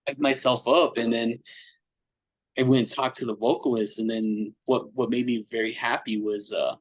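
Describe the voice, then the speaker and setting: A man's voice: mid-range voice, normal speed, poor audio. Slangy man telling a story. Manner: animated, slangy, acts out quotes in other voices. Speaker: metal band vocalist, podcast guest. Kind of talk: casual storytelling chat.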